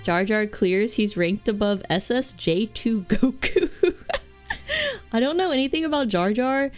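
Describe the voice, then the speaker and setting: A woman's voice: fairly high pitch, unhurried, soft background music. A young woman streaming a game, chatting in a rambling, goofy, self-mocking way with many restarts. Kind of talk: live game stream chat.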